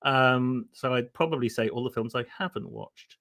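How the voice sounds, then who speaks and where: A man appears as a guest in a casual live-stream chat, speaking at normal speed in a mid-range voice. He's giggly and animated, telling stories amid lots of laughter.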